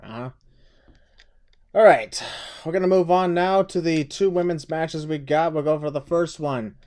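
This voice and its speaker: A man's voice: a little high, normal speed, a little mellow. A man hosting a podcast, passing the floor to others and introducing matches with announcer-style build-ups. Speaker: podcast host.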